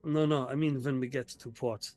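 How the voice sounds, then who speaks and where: A man playing his character in a tabletop game with a put-on accent, halting and polite, often fumbling his words. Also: mid-range voice, fairly even intonation, a little mellow, dry recording, faint music behind. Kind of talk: in-character tabletop role-play.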